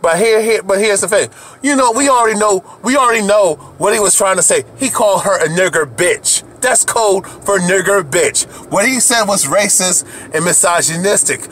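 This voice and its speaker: A man's voice: high voice, moderate pace, fairly bright tone, slight background noise. A man delivering an angry, profane rant to camera as a video commentator, heated and repetitive, often restarting his sentences.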